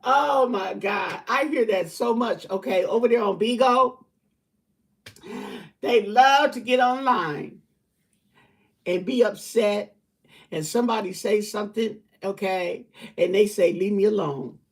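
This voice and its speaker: A middle-aged woman hosts a casual livestream chat with her online viewers, speaking slowly at a medium pitch with long pauses and a breathy edge. Her manner is emphatic and preachy; she repeats herself and laughs often.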